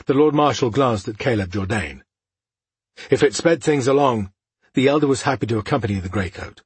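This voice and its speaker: A man reading fantasy narration for an audiobook, in an even, steady way. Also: medium pitch, fairly quick, slightly rough, no echo.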